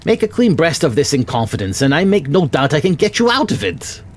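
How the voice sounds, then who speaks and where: A Scottish man with an Edinburgh accent voicing an earnest elderly male lawyer in a storybook reading, his voice pushed up higher than his own. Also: sing-song, fairly quick.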